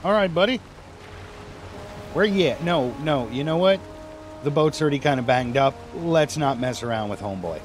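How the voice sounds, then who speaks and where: A man's voice: on the high side, expressive, normal speed, pauses often, over music. A man streaming a game live, commenting casually as he plays and grumbling and swearing when things go wrong.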